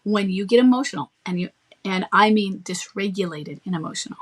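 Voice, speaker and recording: A woman's voice: medium pitch, brisk, breathy edge. A woman coach giving advice in a firm, matter-of-fact way, acting out short bits of dialogue. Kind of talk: advice talk.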